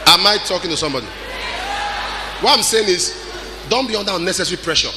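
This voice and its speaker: A man preaching a sermon, moving from loud exhortation to quiet storytelling. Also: high-pitched, animated, fast talker, crowd noise. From Nigeria. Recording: music behind the voice.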